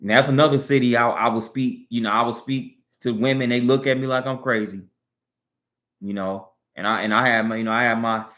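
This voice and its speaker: A man's voice: medium pitch, fairly even intonation, fairly quick, fairly bright tone, muffled recording. A man with a Southern US accent, hosting a casual live stream and rambling in a laid-back way as he thinks aloud. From Southern United States. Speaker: livestream host.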